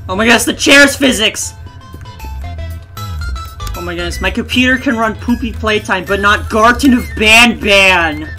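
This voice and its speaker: An excitable, jokey streamer giving live gameplay commentary, swinging into mock wailing. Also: medium pitch, moderate pace, faint music behind.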